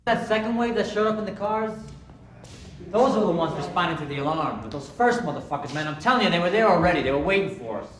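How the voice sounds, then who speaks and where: Jittery, heated young robber. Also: male voice, high-pitched, animated, fairly bright tone, roomy sound, far from the mic, a little hiss or hum. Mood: agitated. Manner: agitated, rapid and swearing. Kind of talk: film drama acting.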